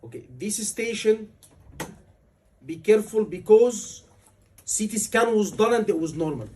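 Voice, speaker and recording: A man's voice: high voice, expressive, a little slow, a little mellow, recorded from a distance, a little hiss or hum. A man, tutoring a class for a medical exam, emphatic and repeating key words over and over. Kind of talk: classroom lecture.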